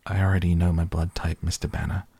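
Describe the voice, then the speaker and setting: A man's voice: deep voice, little pitch movement, fast, gravelly, dark tone, husky, dry recording, full character voice. A man voicing a faint, dizzy teenage girl. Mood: weak, pleading. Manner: weak, pleading, half whispered.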